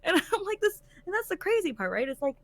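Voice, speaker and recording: A woman's voice: extremely high pitch, quick pace, dry recording. A woman co-hosting a casual chat, telling a story emphatically and swearing freely as a tournament organizer. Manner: emphatic, swears a lot, animated retelling. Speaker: podcast co-host.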